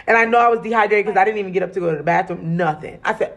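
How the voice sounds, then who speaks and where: A woman from Arizona in casual chat, telling an animated, slangy story and laughing often. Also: mid-range voice, rapid-fire, vocal fry, slightly rough.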